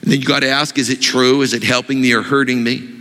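A man preaching a sermon, asking his congregation questions in an animated way. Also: mid-range voice, fast talker, in a large hall. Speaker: pastor.

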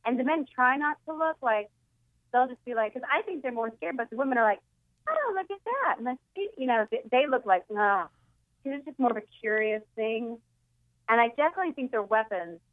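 A woman's voice: fairly high pitch, quick pace, dry recording. A woman calling in as a guest, chatting casually and joking, laughing often. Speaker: phone-in guest comedian. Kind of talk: casual chat. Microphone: phone line. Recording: tinny dry phone line.

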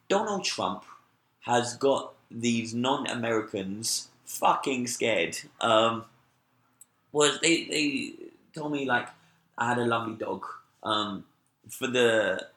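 A man with a London accent tells an anecdote in a loose, animated way, often tossing in "like" and "right?". His voice is bright and forward. There is a noticeable roomy echo around it. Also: mid-range voice, measured pace. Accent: London English. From London, England. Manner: animated, chatty, frequent "like" and "right?". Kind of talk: casual anecdotal storytelling.

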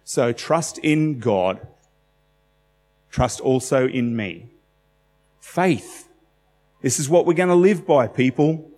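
A man's voice: mid-range voice, lively intonation, slow, long pauses, darkish tone, long reverb tail. A man preaching a sermon in a conversational, emphatic way, telling stories with animation.

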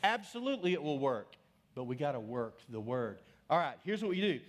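A man's voice: mid-range voice, sing-song, a little fast. A middle-aged male pastor preaching a sermon, telling a story and putting questions to his congregation.

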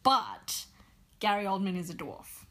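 A woman co-hosting a casual podcast chat, chatty and quick to laugh, with dry sarcastic asides. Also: medium pitch, very animated, fairly bright tone. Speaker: podcast co-host.

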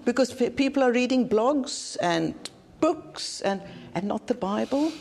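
A woman's voice: on the high side, animated, a little slow, few pauses, a little mellow. Earnest South African woman preaching. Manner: earnest, plain-spoken preaching with repetition. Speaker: conference speaker. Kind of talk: sermon.

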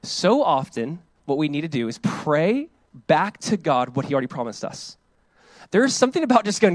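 Conversational pastor preaching in a dry room. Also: male voice, high-pitched, very animated, fairly quick, dry recording. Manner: conversational, acts out voices in quotes; drops to a soft hush for reflective passages. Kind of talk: sermon.

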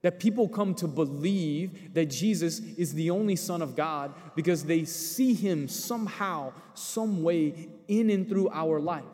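Guy giving a sermon, kinda high voice, chatty storytelling, big echoey church sound. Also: a little mellow. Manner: storytelling with acted quotes, conversational. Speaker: preacher.

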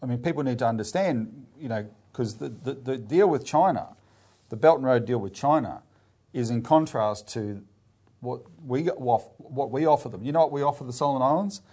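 Emphatic man, mellow voice. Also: mid-range voice, moderate pace. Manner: emphatic, sarcastic, mocking voices. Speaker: co-host. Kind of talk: political commentary chat.

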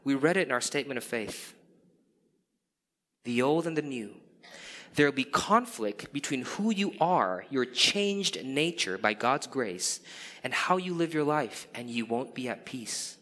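Male pastor in his thirties, crisp bright tone, earnest sermon in a reverberant hall. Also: mid-range voice, lively intonation, measured pace. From Indonesia. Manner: earnest, with candid self-deprecating storytelling.

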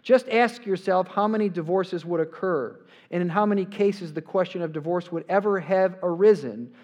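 A man preaching a sermon to a congregation in a church, getting louder and more forceful on the scripture he quotes and often checking in with "right?". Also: a little high. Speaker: pastor. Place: church sanctuary before a congregation.

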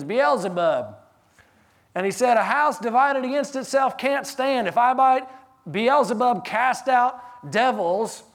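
A man preaching a sermon as pastor, animated, swinging between loud emphatic lines and hushed ones, laughing through his stories. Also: high voice.

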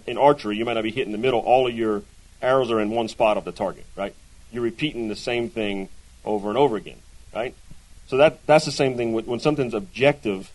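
A man teaching a Bible class to a group. He talks in a loose, conversational way, asks his listeners questions and keeps checking in with a quick "right?". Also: medium pitch, low-quality recording.

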